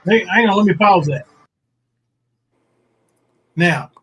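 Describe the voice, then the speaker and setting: Man, high voice, sarcastic, rambling, crude livestream host. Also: slow pace, fairly bright tone, husky. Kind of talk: casual livestream commentary.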